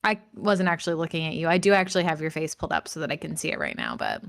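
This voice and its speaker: A woman's voice: sits low, wildly swooping pitch, racing, creaky. A woman co-hosting a live stream, chatting with dry, teasing banter. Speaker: co-host.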